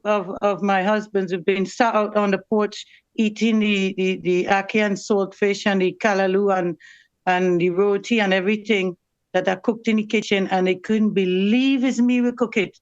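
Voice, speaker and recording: A woman's voice: medium pitch, fairly even intonation, normal speed, clean tone, muffled recording. A woman with a Caribbean accent, chatting and telling stories as a guest on a video call. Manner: chatty, storytelling, laughs often. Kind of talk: casual group chat.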